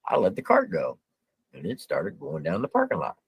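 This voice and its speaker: Gravelly, low storyteller, blunt and drawling, husky, lively pitch. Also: male voice, moderate pace, dry recording. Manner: drawling, blunt, step-by-step recounting. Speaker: storyteller guest. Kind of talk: casual storytelling.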